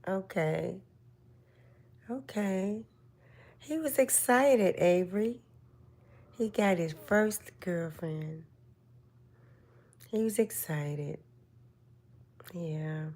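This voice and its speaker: An older woman hosting a casual live stream chat, giving slow, gentle, motherly advice to her viewers. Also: mid-range voice.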